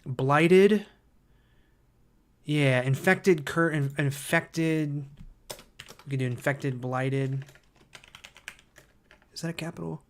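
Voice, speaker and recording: A man hosting a livestream who reads viewer comments aloud and thinks out loud, hesitant and full of fillers, easily excited by ideas. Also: on the high side, takes it slowly, long pauses, a little hiss or hum. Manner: enthusiastic about ideas. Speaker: livestream host.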